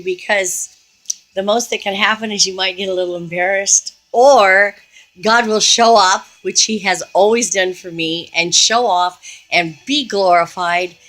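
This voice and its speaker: A woman's voice: medium pitch, fairly bright tone. A woman hosting a Christian video, telling a personal testimony story in an earnest, conversational way with frequent fillers.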